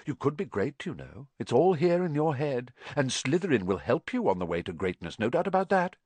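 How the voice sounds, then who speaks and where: A man's voice: medium pitch, big pitch swings, brisk, a little mellow, breathy edge, no echo. A man voicing an old magical talking hat, murmuring in a probing, sly way close in the ear, in a storybook reading. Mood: musing.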